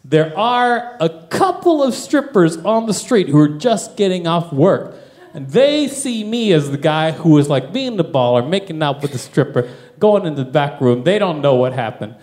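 A man telling a wild comic story in stand-up style, profane and animated, often laughing through his lines. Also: fairly high pitch, moderate pace. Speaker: comedian.

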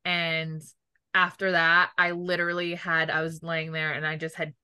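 A woman's voice: low-pitched, monotone, moderate pace, bright, forceful tone, clean tone. A woman co-hosting a casual chat, gushing and rambling with lots of fillers. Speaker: co-host.

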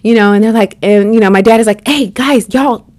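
An American-raised woman shares a personal story in a lively, conversational way. She talks right to her listeners and slips into the voices of the people she describes. Her voice sits at an everyday middle pitch and is recorded close, with a dry, dead sound. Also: fast, smooth, no room sound. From United States. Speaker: speaker sharing a personal story.

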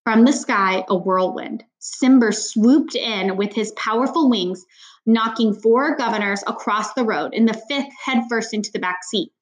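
A woman's voice: a little high, measured pace. A woman reading a novel aloud in a plain voice, stopping now and then for casual asides, with small slips in her reading. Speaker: audiobook reader.

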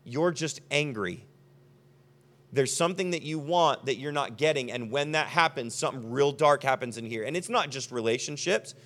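A young adult man preaching a sermon as pastor, animated and acting out the voices of his listeners. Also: mid-range voice, brisk, hardly any pauses.

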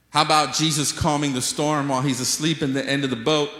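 A male pastor delivers a lively sermon, telling stories to his congregation and slipping into the voices of the people in them. His voice sits at a middle pitch. It rings through a large room with a long, roomy reverb. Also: a little fast, few pauses. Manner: lively storytelling preacher, acts out voices, jokes with the congregation. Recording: echoey hall with long reverb.

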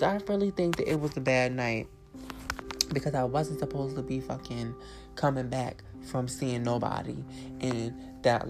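A young woman with a notably low-pitched voice hosts her own podcast. She tells a rambling story in a chatty, blunt way and swears freely. Guitar music plays clearly underneath. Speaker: podcast host. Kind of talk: casual storytelling monologue.

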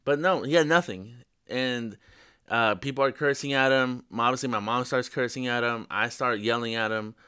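Bright-voiced young man telling a wild story. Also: moderate pace, smooth. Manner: animated storytelling, jumps pitch for quoted voices, swears freely. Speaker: podcast co-host. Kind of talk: casual storytelling chat.

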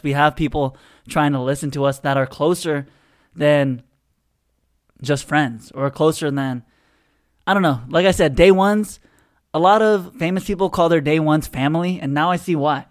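A young man co-hosting a podcast, chatting casually and acting out quotes with growing excitement. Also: fairly high pitch. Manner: animated storyteller, acts out quotes with rising excitement. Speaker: podcast co-host. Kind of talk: casual chat.

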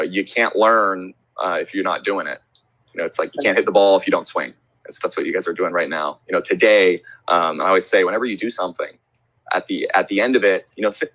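A young man chats as an interview guest, spinning stories with plenty of restarts and fillers. His voice sits on the low side, and he jumps up sharply to play the voices of people he quotes. The sound is dry and close. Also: dry recording, rough recording. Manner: animated, acts out quoted voices with big pitch jumps. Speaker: interview guest, sports event host. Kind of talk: casual storytelling chat.

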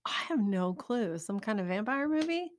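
A woman's voice: mid-range voice, sing-song, moderate pace. A woman co-hosting a podcast, guessing at movie quotes casually and thinking aloud with hesitant ums. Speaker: podcast co-host. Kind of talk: casual movie-trivia chat.

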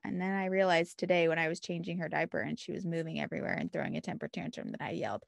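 A woman's voice: on the low side, expressive, fast talker, gravelly, dry recording, studio quality. A young woman, a mother of a toddler, co-hosting a podcast and chatting with laughter about her kids. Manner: laughing, chatty mom telling stories. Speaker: podcast co-host. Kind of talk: casual chat.

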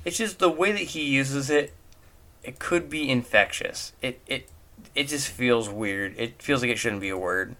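A man with a mid-range, pushed, bright voice talks at a moderate pace, recorded at home. As a movie reviewer, he pokes fun at the film with incredulous rhetorical questions in casual commentary.

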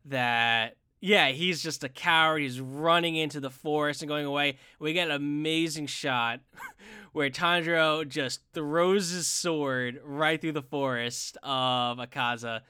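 Man, casual co-host, bright and clear, excitable rambler, dry close mic. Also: a little high, a little slow, no echo. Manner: excited, rambling with many restarts and fillers. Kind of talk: casual chat reviewing an anime film.

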